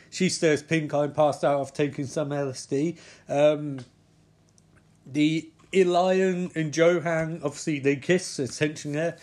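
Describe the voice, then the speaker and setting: Guy, slightly higher voice, rambling TV recap, sweary and dry, keeps losing names. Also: darkish tone. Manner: rambling, sweary, sarcastic asides, forgets names. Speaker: TV episode reviewer. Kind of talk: casual live-watch commentary.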